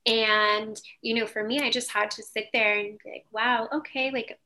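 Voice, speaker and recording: A woman's voice: medium pitch, flat delivery, moderate pace, bright, forceful tone. A woman co-hosting a podcast, telling a personal story in casual chat, rambling and full of "like" and "um".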